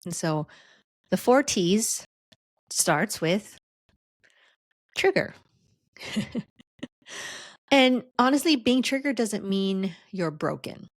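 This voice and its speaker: A woman's voice: mid-range voice, no echo, studio quality. A woman hosting a solo podcast, teaching leadership in a conversational way, often checking in with "right?". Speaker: leadership coach and podcast host.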